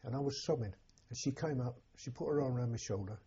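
An elderly man recalling his war years, halting and repeating words as emotion rises. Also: mid-range voice, dark tone, a little hiss or hum. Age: older. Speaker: war veteran interviewee. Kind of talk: personal recollection. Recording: dull lo-fi recording.

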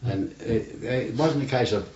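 In an oral history interview, an aging navy veteran wanders through his stories in an unhurried, mid-range, slightly mellow voice. He often says "you see", and the old tape is roomy and dull with a faint hiss.

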